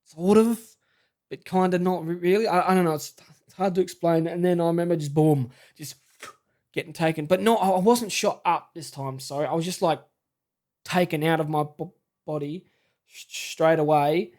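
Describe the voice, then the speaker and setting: An Australian man telling a personal story in a halting, stammering, shaken way. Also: fairly high pitch, a little mellow. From South Australia. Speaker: vlogger.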